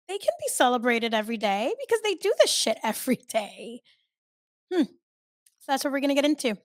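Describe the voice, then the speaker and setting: A woman hosting her own podcast, talking in a candid, chatty way that swings between loud and soft and swears freely. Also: a little high, no room sound, studio quality. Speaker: podcast host. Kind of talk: casual solo podcast chat.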